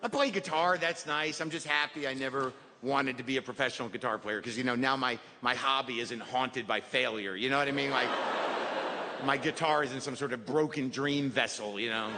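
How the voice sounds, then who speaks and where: A man's voice: mid-range voice, normal speed, pushed and bright, slight background noise. A middle-aged man doing a stand-up routine on stage, rambling and self-deprecating. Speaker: stand-up comedian. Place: comedy venue stage. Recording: live hall reverb with audience.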